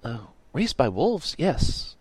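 A man doing a shy wild young man raised in the woods, speaking softly and plainly with a slightly raised pitch. Storybook audiobook reading, dry and close. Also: very animated, slow, breathy edge, no room sound, heavily acted. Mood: earnest.

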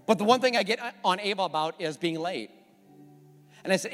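A man in his forties preaching a sermon as a pastor, telling a candid family story, rising when worked up and going soft when reflective. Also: high voice, brisk. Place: church sanctuary. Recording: church hall with long reverb and faint music.

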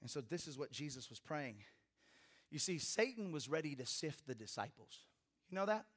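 Guy preaching, a bit high and bright, goes loud then real quiet, cracks jokes at the crowd. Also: big pitch swings, moderate pace. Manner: preaching with big swings from loud to hushed; humorous personal asides to the congregation. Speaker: pastor. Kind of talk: sermon.

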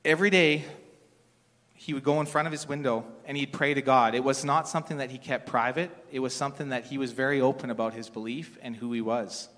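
A middle-aged man preaches in a relaxed, storytelling manner, backing up and restarting phrases the way people do in everyday talk. His voice sits at an ordinary male pitch. A long reverb trails after him, as in a large church sanctuary. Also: fairly quick. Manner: conversational, storytelling with casual restarts. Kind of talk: sermon.

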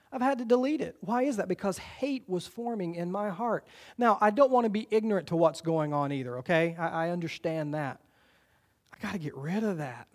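A middle-aged pastor delivering a sermon, stretching out quoted scripture slowly and rushing through his calls to unity. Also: high voice. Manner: emphatic preacher, slows for quoted scripture, speeds up for exhortations.

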